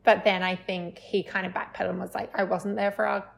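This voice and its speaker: A woman's voice: medium pitch, little pitch movement, fast, gravelly, slight background noise. A woman co-hosting a casual podcast, giving playful, opinionated takes on reality TV. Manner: opinionated, playful, rants in jest. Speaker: podcast co-host. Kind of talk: casual chat recapping reality TV.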